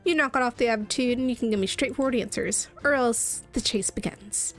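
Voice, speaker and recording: Woman doing a cool, blunt robot detective for a game read-through; measured and steady. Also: on the high side, faint music behind, lightly acted. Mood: stern.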